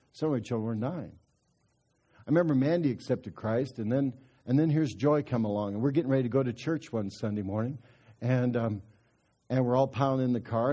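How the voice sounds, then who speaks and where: A man's voice: medium pitch, dark tone, slightly rough. A middle-aged man giving a storytelling sermon at a parenting conference, folksy and chuckling through his anecdotes.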